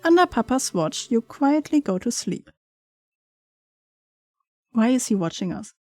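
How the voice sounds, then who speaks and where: A woman's voice: on the high side, big pitch swings, measured pace, darkish tone, no echo. A young woman playing through a game, reading its text aloud with chatty, giggly asides. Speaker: gaming streamer.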